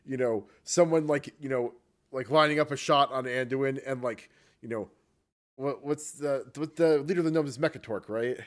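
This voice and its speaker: A man's voice: medium pitch, normal speed. A man co-hosting a casual video game podcast, talking in a rambling, hesitant way. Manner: rambling, hesitant, lots of fillers and restarts. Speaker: podcast co-host. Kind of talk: casual chat about video games.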